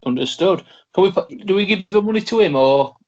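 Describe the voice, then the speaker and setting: A man's voice: high voice, lively intonation, fairly quick, a little mellow, dull audio. A man playing a tabletop game, easygoing and casual. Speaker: player.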